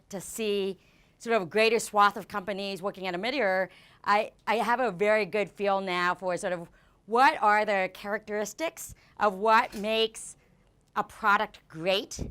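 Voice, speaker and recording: A woman in her forties giving a live conference talk, talking fast with lots of fillers and restarts. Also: medium pitch, fairly bright tone, smooth. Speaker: conference speaker. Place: conference venue before an audience.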